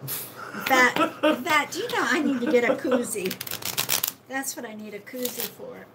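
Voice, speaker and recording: A woman's voice: on the high side, lively intonation, measured pace, background noise. A woman psychic medium giving casual card readings to viewers on a live stream, chatty and calling people sweetheart and darling.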